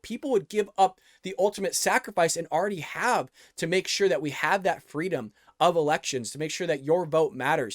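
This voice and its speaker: Earnest male vlog host from the US, slightly high voice, dry close recording. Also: no echo. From United States. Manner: earnest, repeats words and restarts, addresses viewers as folks. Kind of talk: political commentary vlog.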